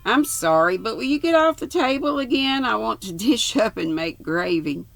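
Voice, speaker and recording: An older woman with a Southern US accent voices a brisk, capable young woman giving orders in a kitchen. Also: on the low side, creaky, a bit bright, full character voice. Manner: brisk, bossy.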